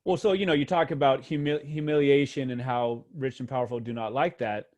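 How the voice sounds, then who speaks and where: A man's voice: medium pitch, brisk. Male host, casual interviewer, loose and chatty. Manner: relaxed, loose questions with many fillers. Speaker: podcast host.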